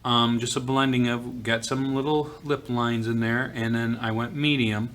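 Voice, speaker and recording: A man teaching art, talking casually through a drawing tutorial from a school office, pausing with fillers as he works. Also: mid-range voice. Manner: relaxed, talks while drawing, frequent fillers.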